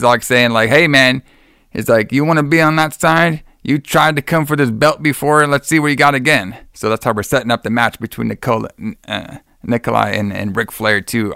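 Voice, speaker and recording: A man co-hosting a podcast, recapping a wrestling show in a rambling, excitable way with lots of fillers. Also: mid-range voice, gravelly, smooth, no echo, clean studio sound. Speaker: podcast co-host.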